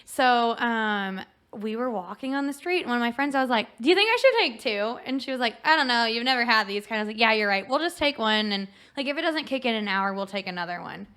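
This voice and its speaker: A woman's voice: fairly high pitch, quick pace, clean tone. A young woman, a podcast guest, telling a story in casual chat, acting out what people said and filling her talk with "like". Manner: animated, acts out quotes, many "like" fillers.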